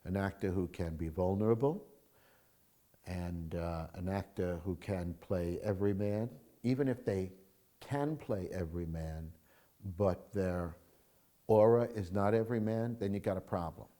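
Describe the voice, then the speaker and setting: Emphatic low-voiced male screenwriter. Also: measured pace. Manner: emphatic, animated storyteller. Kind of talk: interview answers.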